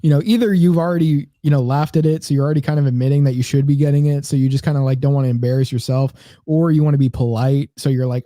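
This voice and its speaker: A man's voice: mid-range voice, steady tone, fast, mellow, no room sound, clean studio sound. A young man co-hosting a comedy podcast, telling stories in a rambling, filler-heavy way. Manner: rambling storyteller, many fillers. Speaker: podcast co-host. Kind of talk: casual comedy chat.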